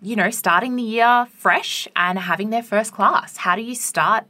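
A woman's voice: medium pitch, moderate pace, bright, forceful tone. A young adult woman co-hosting a podcast, telling a teaching story in a casual, chatty way full of "like" and "right?".

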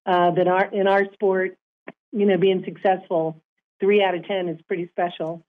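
A woman guest who is a former softball player, answering interview questions in an earnest, measured way. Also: lowish voice, flat delivery. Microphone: phone line. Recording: tinny phone line.

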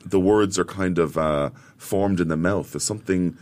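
A man with a very deep voice talks about directing plays in a radio studio. He pauses a lot and restarts his sentences, feeling his way to each point. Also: a little mellow. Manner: hesitant, many fillers and restarts. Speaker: theatre director. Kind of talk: casual studio chat.

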